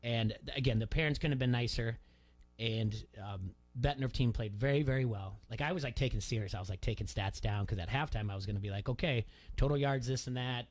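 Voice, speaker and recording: A middle-aged man hosting a casual sports radio talk show, telling a story and getting animated when he quotes people. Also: mid-range voice, brisk. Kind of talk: casual chat.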